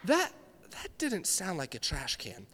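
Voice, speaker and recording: A man's voice: high voice, wildly swooping pitch, measured pace, bright, forceful tone, breathy edge. A young man giving a youth sermon, telling stories animatedly and acting out his own reactions. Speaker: youth pastor. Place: church hall with live audience. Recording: reverberant hall.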